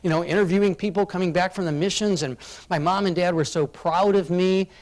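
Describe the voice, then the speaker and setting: A man giving a talk to an audience, telling a personal story in an earnest, confessional way and dropping to a hush for painful parts. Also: sits high, steady tone, a little fast. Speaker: corporate diversity speaker. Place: conference room before a live audience.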